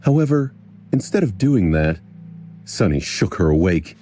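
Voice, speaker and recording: A man reading a fantasy novel aloud as a narrator, in a measured, even storytelling delivery. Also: low-pitched, faint music behind. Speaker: audiobook narrator. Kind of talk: scripted narration.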